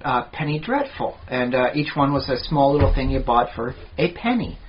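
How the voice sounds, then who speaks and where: A man's voice: mid-range voice, sing-song, normal speed. A man co-hosting a podcast in casual chat, explaining at length with asides. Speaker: podcast co-host. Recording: dull lo-fi podcast audio, faint hiss.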